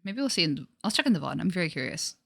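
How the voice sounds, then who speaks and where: Bright, chatty woman streamer. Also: lowish voice, very fast, gravelly, no room sound. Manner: chatty, excitable, thinking aloud. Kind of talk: casual game commentary.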